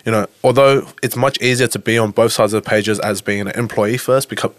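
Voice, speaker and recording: A young man with a western-Sydney Australian accent talks fast and bluntly on a podcast, swearing freely and counting off his points. His voice sits low, and the sound is dry and close. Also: no room sound. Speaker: podcast guest, entrepreneur. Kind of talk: candid podcast conversation.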